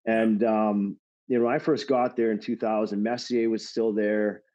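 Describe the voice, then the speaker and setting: Animated storytelling man, lo-fi sound. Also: on the low side, normal speed. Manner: animated, laughing storyteller with many fillers. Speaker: guest, former hockey player. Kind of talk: casual podcast storytelling. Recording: dull lo-fi sound.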